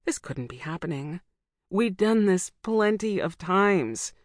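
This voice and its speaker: A woman narrates a first-person audiobook with intensity and emotion. Her voice is low. The recording is dry and close. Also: animated, slow, no room sound.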